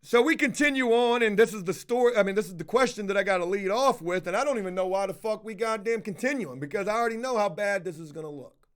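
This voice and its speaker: A man with a high voice talks on a casual live stream. He is profane and animated, and he tells a story while shouting out viewers in the chat. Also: fast, smooth.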